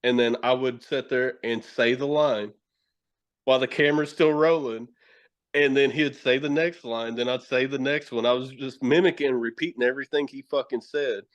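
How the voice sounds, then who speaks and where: A man's voice: medium pitch, fairly even intonation, moderate pace, highs cut off. A man with a Tennessee accent, a horror host and actor, swearing and laughing as he tells stories in a casual podcast chat. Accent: Southern US, Tennessee. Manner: loud, profane storytelling, laughing often.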